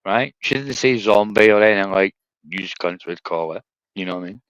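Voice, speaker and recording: A man's voice: on the low side, steady tone, a little fast, a bit bright, smooth, no room sound, poor audio. A Scottish man hosting a livestream, chatting casually in a rambling, sweary way and tacking "right?" onto his sentences. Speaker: livestream host. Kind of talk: casual chat.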